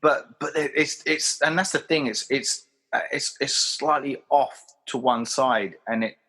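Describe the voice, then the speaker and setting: A man's voice: mid-range voice, unhurried, pushed and bright. A man co-hosting a casual film podcast, talking in a rambling way with lots of fillers and restarts. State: hiccuping. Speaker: podcast co-host.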